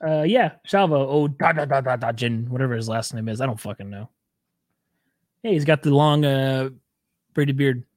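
A man co-hosts a podcast, talking casually in a rambling way and swearing and laughing a lot. His voice sits in the mid range at a normal speed. The recording is clean studio sound with no room noise.

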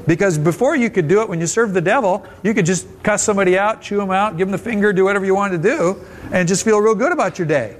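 A man's voice: high-pitched, quick pace, slight background noise. A man preaching a conversational, folksy sermon at a church service, often restarting his phrases. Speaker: pastor.

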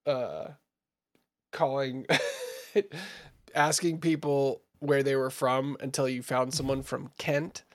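A man co-hosting a casual podcast chat, telling stories in a rambling, animated way with frequent laughter. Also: medium pitch, slow, pauses often. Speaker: podcast co-host.

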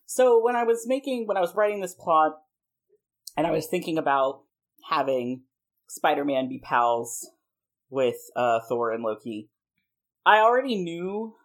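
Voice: mid-range voice, expressive, a little slow, pauses often. Rambling, playful podcast host. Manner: playful, rambling, frequent laughs and many "like" fillers. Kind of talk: casual chat, pitching a comic plot.

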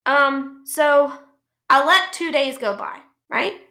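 A woman co-hosting a podcast, telling an angry story about her kids in a casual, animated way with plenty of swearing. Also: sits high, slow pace. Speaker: podcast co-host; mother. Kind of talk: casual ranting chat.

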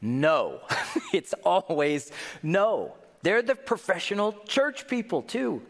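A man's voice: sits high, big pitch swings, takes it slowly, big-room sound. A man preaching a sermon, asking rhetorical questions and joking with his congregation. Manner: jokes with the congregation. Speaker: pastor.

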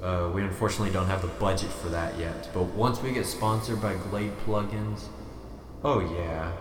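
Low-voiced dude doing a deadpan rambling podcast bit, echoey room, faint music behind. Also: male voice, brisk. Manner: deadpan, absurd and self-deprecating. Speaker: podcast host. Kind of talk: rambling comedic monologue.

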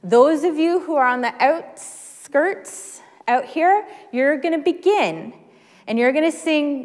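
A woman pastor delivers her sermon in an unhurried, high voice, with a joking, self-deprecating warmth toward the congregation. Her words ring out with long reverb through a church sanctuary. She breaks off to lead everyone in a simple chorus. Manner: chatty and self-deprecating, leads congregation in song.

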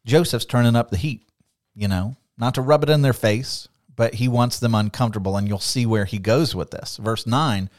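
Animated man teaching scripture. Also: medium pitch, moderate pace, no room sound, clean studio sound. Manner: animated, acts out quotes, laughs often. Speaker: co-host of a Bible study podcast. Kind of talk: conversational Bible teaching.

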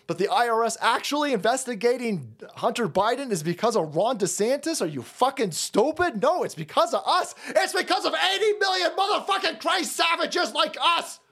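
A man with a strikingly high voice tears through a profane political rant on his stream. He repeats himself for force and drops into mocking imitations of the people he argues against. His talk runs hot and relentless. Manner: heated, profane, repetitive ranting with sarcastic mock quotes.

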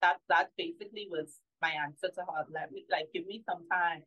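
A woman guest on a faith podcast, telling a personal story candidly and often dropping to a soft, low voice. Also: fairly even intonation, a little fast. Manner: candid, often drops to a soft, low voice when recalling things. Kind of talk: casual storytelling conversation. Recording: slightly dull lo-fi sound.

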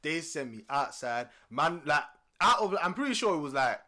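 A young London man tells a story in casual podcast chat. His bright, forceful voice leaps up high when he gets worked up. He is animated and breaks into laughter often. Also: moderate pace. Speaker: podcast co-host.

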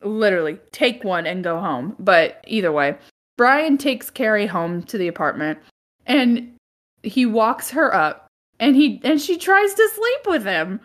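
A woman's voice: medium pitch, very animated, unhurried, fairly bright tone. A woman co-hosting a podcast, recapping a movie in casual chat, laughing often and groaning "ugh". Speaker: podcast co-host.

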